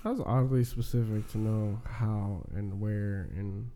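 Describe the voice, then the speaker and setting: A man's voice: lowish voice, fairly even intonation, measured pace, mellow, a little hiss or hum. A man in casual chat among friends, telling a profane, rambling story and acting out what others said. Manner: profane storyteller, acts out quoted voices.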